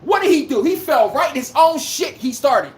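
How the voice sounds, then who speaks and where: High, lively woman ranting in an echoey room. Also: moderate pace. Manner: ranting, trash-talking, profane; reads out chat comments. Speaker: livestream host. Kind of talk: casual sports commentary livestream.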